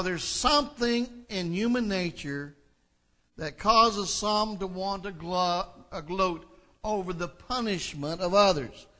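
Male pastor, high voice, reads scripture then explains it, earnest, building. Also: bright, forceful tone. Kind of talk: sermon.

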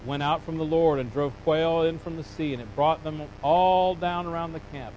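High-voiced animated preacher. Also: male voice, normal speed, a little hiss or hum, low-quality recording. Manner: animated preaching, voicing Bible figures with rising emphasis. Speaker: pastor. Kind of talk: sermon.

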